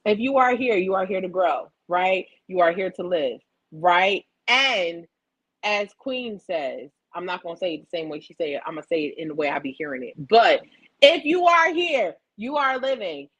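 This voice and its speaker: A woman hosting a weekly affirmation stream, talking in a lively, playful, preacherly way as she closes with announcements and blessings. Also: on the low side, normal speed, breathy edge, poor audio. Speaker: host of a weekly affirmation livestream. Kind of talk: casual spiritual talk.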